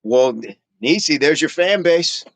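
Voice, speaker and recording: A man's voice: fairly high pitch, animated, a little slow, fairly bright tone, dry recording. A man hosting a casual fitness livestream, chatting playfully with viewers, laughing often and repeating his phrases. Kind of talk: casual livestream chat, reading viewer comments aloud.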